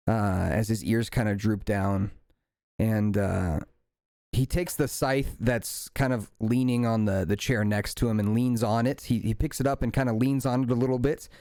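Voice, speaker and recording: A man runs a tabletop fantasy game as its game master, narrating the scene. He speaks slowly and haltingly, pausing on fillers. His voice sounds dry and close to the mic. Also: medium pitch, darkish tone, no room sound.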